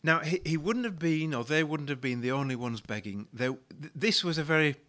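A man's voice: on the high side, animated, a little fast, fairly bright tone. A male pastor preaching a sermon, retelling a story in a conversational way and often repeating words as he restarts a thought.

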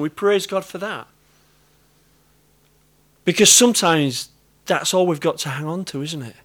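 A middle-aged man with a British accent gives a sermon. His voice sits a little high, and he talks in an earnest, conversational way, often repeating his key phrases. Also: a bit bright. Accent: British English. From Britain. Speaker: preacher.

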